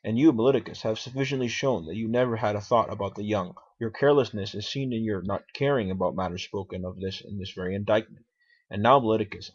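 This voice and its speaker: A man's voice: fairly low pitch, close to an everyday voice. A man voicing an aged male philosopher defending himself in court, arguing and questioning in a dramatic reading on a dull lo-fi recording. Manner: argumentative, questioning.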